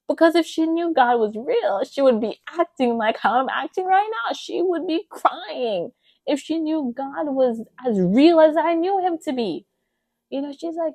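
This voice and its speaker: A woman hosting a podcast, telling her faith testimony in an emotional, animated way, with gasps and many casual fillers. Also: high-pitched, normal speed, no room sound. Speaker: podcast host.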